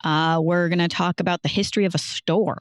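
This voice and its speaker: A woman's voice: fairly low pitch, steady tone, a little fast, no room sound, clean studio sound. A woman hosting a casual podcast, playfully telling a history story to her co-host and laughing easily.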